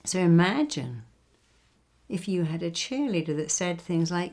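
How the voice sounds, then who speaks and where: A woman's voice: on the low side, moderate pace, darkish tone. An older woman from England, a therapist giving a guided self-help talk who acts out the voices of critics and cheerleaders.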